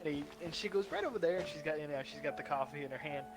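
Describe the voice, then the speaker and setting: A man in casual stream chat telling an animated, swear-filled anecdote. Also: a little high, racing. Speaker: streamer's friend. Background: game music.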